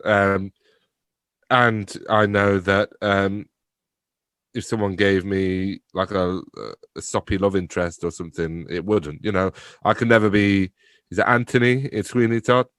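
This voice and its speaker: A young Englishman who runs a theatre company chats casually as an interview guest, joking at his own expense, laughing often and swearing loosely. His low voice is steady, fairly bright and measured in pace, recorded in clean studio quality with no room sound.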